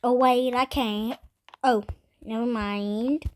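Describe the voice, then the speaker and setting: A woman's voice: a little high, fairly even intonation, takes it slowly, a little mellow. A woman hosting a playful gameplay video in a put-on Texas cowboy drawl, whooping often and calling everyone partner. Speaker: gaming video host.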